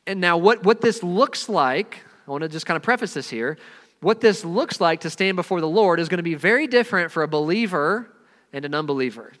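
A man delivers a sermon in an earnest, emphatic way. His voice sits high, and his stressed words swell before he drops to a near hush. A long reverb trails every phrase. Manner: earnest, emphatic, swings between loud stresses and quiet drops. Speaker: pastor.

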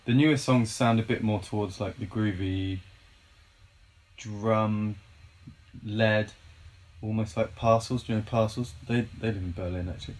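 A man's voice: lowish voice, fairly even intonation, a little slow. A man in a band, talking thoughtfully with many likes and ums as a guest in a casual chat.

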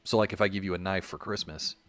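Deep-voiced man in his thirties. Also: steady tone, fast talker, a bit bright. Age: 30s. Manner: rambling storyteller, explains things patiently. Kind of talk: casual chat.

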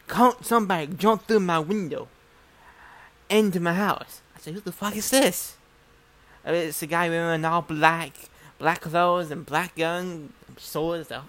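A man's voice: fairly high pitch, fairly bright tone. Man rambling through a wild story. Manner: profane, rambling, acts out dialogue. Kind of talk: casual spoken storytelling.

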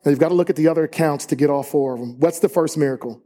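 A man preaching a sermon in a church, emphatic and rising to high exclamations. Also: very fast, mellow. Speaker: pastor. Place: church sanctuary.

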